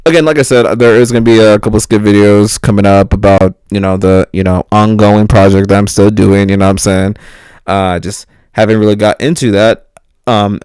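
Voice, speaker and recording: A young man talks loosely into a handheld mic, cursing, joking and breaking into laughter between filler words. His voice sits low, and the sound is close and dry with no room around it. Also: a little mellow, clear, resonant tone, no room sound. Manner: profane, joking, laughs often, trails off with fillers. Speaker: vlogger. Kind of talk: rambling casual monologue to camera.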